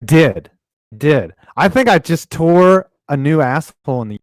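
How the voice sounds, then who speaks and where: A man's voice: a little high, expressive, unhurried, no echo. Joking, profane male podcast co-host. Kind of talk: casual chat.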